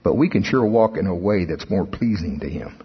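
A middle-aged preacher, delivering an animated sermon that rises into emphatic outbursts. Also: male voice, low voice, a little fast. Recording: husky voice in a long-reverb hall, dull sound.

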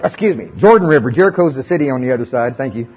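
A male pastor preaching a sermon with animated, folksy storytelling and humor, in a dull lo-fi recording. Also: medium pitch, racing, slightly rough.

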